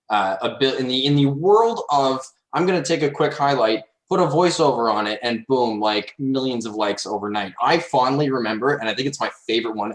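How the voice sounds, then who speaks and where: A man co-hosting a casual interview, talking haltingly with many restarts. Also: medium pitch, fairly bright tone, echoey room, poor audio. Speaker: podcast co-host.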